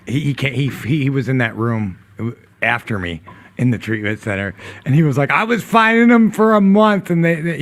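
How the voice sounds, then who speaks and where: A man's voice: mid-range voice, a bit bright. A man co-hosting a casual recovery podcast, earnest as he shares stories and reads listener comments. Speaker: podcast co-host.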